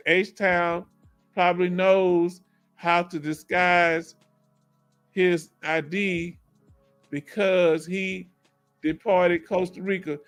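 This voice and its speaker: A man from Houston with a Texas accent, hosting a casual livestream Q&A through a headset, animated and laughing often with folksy slang. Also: high voice, very slow, long pauses, clean tone, faint music behind. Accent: Southern US, Texas. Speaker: livestream host reading chat.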